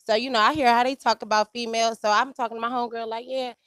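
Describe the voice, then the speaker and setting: A woman from Detroit with a high voice talks in a loose, casual way on a discussion panel. She stresses her points and keeps checking in with her listeners. The sound is dry and close. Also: steady tone, very fast, a bit bright, dry recording. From Detroit, USA. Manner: casual and emphatic, keeps saying "you know what I'm saying".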